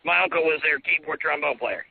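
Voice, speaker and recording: A raspy, gravelly man talks fast and brashly as a radio host, joking and cursing. His slightly high voice comes through a thin, telephone-like band. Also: no room sound. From New York. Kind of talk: casual radio talk. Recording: tinny phone-line sound.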